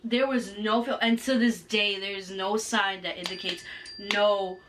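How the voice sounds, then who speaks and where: A woman telling a story in a casual vlog, animated and full of slang. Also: medium pitch, a little slow, distant mic, noisy background. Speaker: vlogger.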